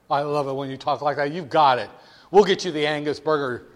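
A man giving a classroom lecture in an animated, joking way, talking directly to his students. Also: fairly high pitch, a little fast. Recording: long hall reverb.

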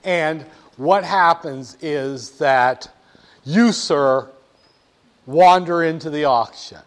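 A man's voice: on the high side, takes it slowly. A man lecturing a class, playful and teasing, talking straight to the students.

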